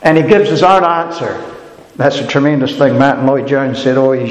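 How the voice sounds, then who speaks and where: A man's voice: mid-range voice, brisk, muffled recording. A man preaching a sermon in an earnest, reflective way. He lifts his voice sharply whenever he quotes a cry of despair. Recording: echoey hall with long reverb.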